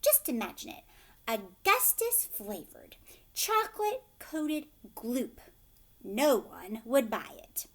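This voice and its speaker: A woman reading aloud, voicing an eccentric, giggling male chocolate maker who speaks in a playful, often hushed and breathy way. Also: a little high, huge pitch swings, slow, exaggerated voice.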